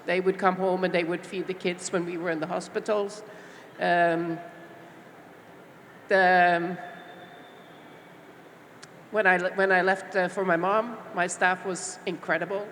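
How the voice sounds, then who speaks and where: A middle-aged woman from Norway, speaking on a panel as a small business owner, heartfelt and reflective with many pauses and fillers. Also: fairly low pitch, little pitch movement, a bit bright. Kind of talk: panel discussion talk. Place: large expo hall stage. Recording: long hall reverb with faint background noise.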